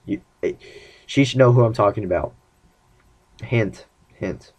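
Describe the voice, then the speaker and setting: A man's voice: fairly low pitch, a little slow, darkish tone. Chatty young man, lo-fi webcam sound. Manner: chatty, rambling, self-mocking. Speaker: vlogger. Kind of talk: casual storytelling vlog.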